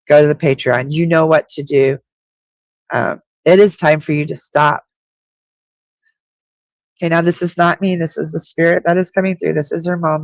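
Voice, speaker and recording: Gravelly-voiced woman giving psychic readings. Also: deep voice, dry recording. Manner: direct, reassuring, repeats key lines. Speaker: psychic reader. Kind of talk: live-stream intuitive reading.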